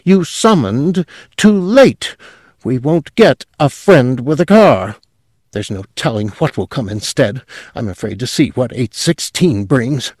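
A man's voice: medium pitch, lively intonation, a little slow, a little mellow, dry recording, clean studio sound, voice pushed up. A man voicing a nervous, small male clerk who snaps and wails in panic. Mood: despairing. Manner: frantic, snapping and wailing.

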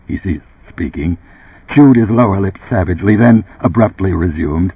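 A man narrating an audiobook in an expressive, dramatic reading style. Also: low-pitched, moderate pace, breathy edge, dry recording. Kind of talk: scripted narration. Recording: dry, tinny phone-like sound.

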